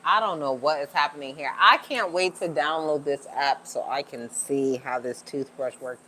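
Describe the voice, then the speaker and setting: A woman's voice: low-pitched, moderate pace, sharp tone, a little hiss or hum. A woman hosting a casual livestream from home, chatting with viewers and laughing often. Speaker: livestream host.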